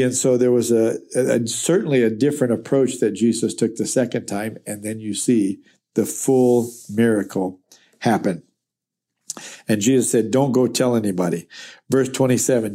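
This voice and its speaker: A man's voice: mid-range voice, mellow. A man teaching through a Bible book verse by verse, reading scripture aloud and then explaining it in plain, earnest words.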